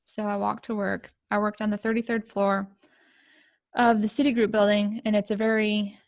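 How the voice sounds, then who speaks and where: A middle-aged woman from the United States, a podcast guest telling a personal story in an emotional, halting way with many fillers. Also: medium pitch, level tone, dry recording.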